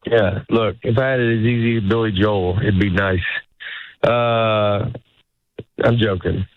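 A man's voice: on the low side, fairly even intonation, measured pace, phone-quality sound, a little hiss or hum. A middle-aged man, a stand-up comedian, chatting casually in an interview, rambling and cutting himself off as he acts out little quoted lines.

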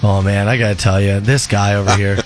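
A man co-hosting a morning radio show, telling a story with lively, acted-out quotes. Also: on the low side, brisk, faint music behind. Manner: animated storyteller who acts out quoted people. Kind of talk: casual radio banter.

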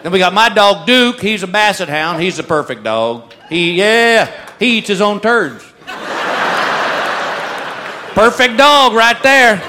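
Deadpan male comic, lively high voice. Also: unhurried, hardly any pauses. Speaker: stand-up comedian. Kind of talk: stand-up comedy. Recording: live club, crowd and noise.

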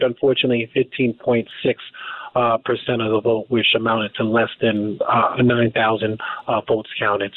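A man's voice: medium pitch, no echo. A man hosting a call-in radio show, taking calls and often stumbling and restarting over words. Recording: narrow phone-like radio audio.

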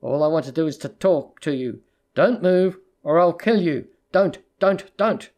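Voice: medium pitch, expressive, unhurried, darkish tone. A storybook reader voicing a distraught young woman who pleads and threatens in a tense, urgent way. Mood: pleading.

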